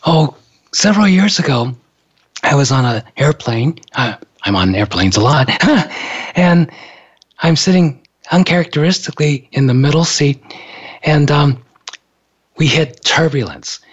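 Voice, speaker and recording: A man telling a story in a relaxed, casual way, laughing often between thoughts. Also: fairly high pitch, measured pace, pauses often, slightly rough. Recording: dull lo-fi sound.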